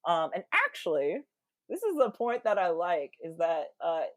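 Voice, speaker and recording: Animated woman retelling a story. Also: on the low side, normal speed, dry recording. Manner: animated, full of "like" and quoted voices, laughs often. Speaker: podcast guest. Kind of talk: casual storytelling chat.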